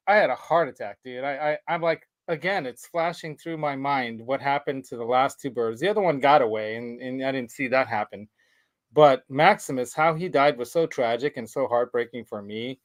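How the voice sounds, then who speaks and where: A man hosting a casual show, telling a story in a rambling, animated way with laughs. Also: medium pitch, no echo, low-quality recording. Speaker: show host. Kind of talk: casual chat.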